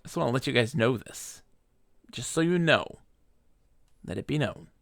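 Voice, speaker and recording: A man's voice: medium pitch, animated, moderate pace, gravelly, a bit bright, no room sound, clean studio sound. A man streaming himself playing a space game, chatting casually in a goofy, playful, rambling way. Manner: goofy and playful, chanting silly repetitions; rambling, self-deprecating asides. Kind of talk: casual live-stream commentary.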